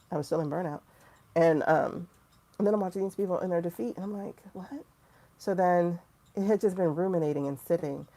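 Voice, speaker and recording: With a lowish, creaky voice and a warm tone, this woman runs a spiritual livestream as a tarot host. She narrates a story candidly and casually, quoting herself and others amid profane remarks.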